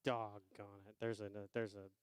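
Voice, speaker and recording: A man's voice: fairly low pitch, little pitch movement, normal speed, clean tone, clean studio sound. A man co-hosting a church live stream, wry and self-mocking, reading news items with his partner. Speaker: co-host of a church livestream. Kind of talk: playful live-stream banter and mock newscast. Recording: long hall reverb.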